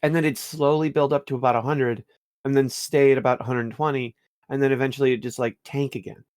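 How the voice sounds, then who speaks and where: A man's voice: medium pitch, fairly even intonation, quick pace, darkish tone, no room sound, studio quality. A young man on a podcast, casually telling a rambling gaming story full of fillers and restarts. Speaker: podcast co-host. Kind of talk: casual storytelling about a game.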